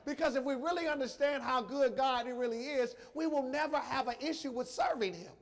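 A man preaching a sermon, emotional and emphatic, repeating phrases and calling out to the congregation. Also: very high voice. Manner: emphatic, repetitive, slow emphasis; emotional, addresses congregation directly.

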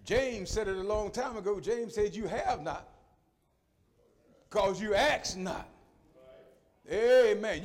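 A middle-aged man preaching a sermon, swinging from quiet conversational asides to shouted, sung peaks and calling on the congregation. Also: high-pitched, takes it slowly, pauses often.

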